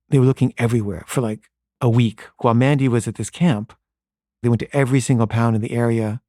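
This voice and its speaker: A man's voice: medium pitch, darkish tone, no room sound, studio quality. A man telling a personal story in a casual, conversational way, full of fillers. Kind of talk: personal story told to an audience.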